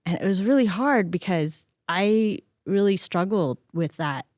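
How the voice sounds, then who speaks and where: A middle-aged woman telling personal stories in an interview, animated and acting out the voices of the people she quotes. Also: mid-range voice, a little slow, dry recording, studio quality. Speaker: interview guest. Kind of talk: conversational storytelling.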